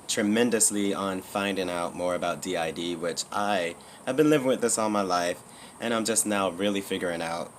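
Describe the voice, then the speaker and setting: Male vlogger, deep low voice, casual and rambling, faint AC hum behind. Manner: rambling, candid, many fillers and restarts. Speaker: YouTuber. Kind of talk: casual personal vlog.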